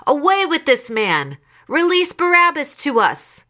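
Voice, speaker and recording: A woman voicing an angry crowd, shouting its demands in a raised, high voice. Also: very animated, unhurried, full character voice. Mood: furious.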